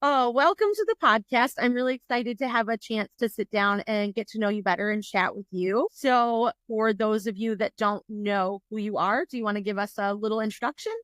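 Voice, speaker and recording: A woman hosting a podcast interview, bubbly and talkative with quick asides. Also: mid-range voice, a bit bright, no echo, studio quality. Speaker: podcast host.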